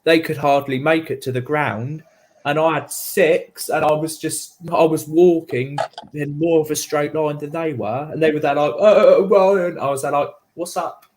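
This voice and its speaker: A young man telling animated stories in a casual chat. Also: on the high side, moderate pace, slight background noise.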